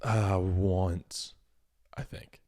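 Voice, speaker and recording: A male podcast guest in relaxed casual chat, joking at his own expense and laughing easily. His voice sits on the low side. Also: very slow. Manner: laid-back, self-deprecating, laughs often. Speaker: podcast guest, cooking creator.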